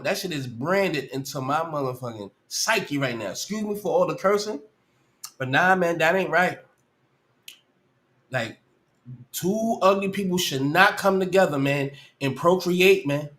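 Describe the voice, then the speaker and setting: A man hosting a live stream and reacting to a clip, trading drawn-out, cursing comments for loud, shocked outbursts. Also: sits high. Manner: drawling, slow comments between outbursts.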